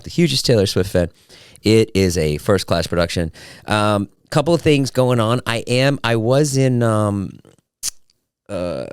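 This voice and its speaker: Man, 50s, podcast host: animated, chatty and self-deprecating, smooth voice. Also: mid-range voice, dry recording, studio quality. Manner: chatty and self-mocking, with playful voice swings. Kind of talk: casual solo podcast chat.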